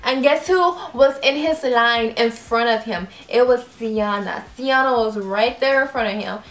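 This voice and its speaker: A young woman vlogger telling a story in a casual, animated way, acting out voices and laughing often. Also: on the high side, measured pace, echoey room. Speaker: YouTube vlogger.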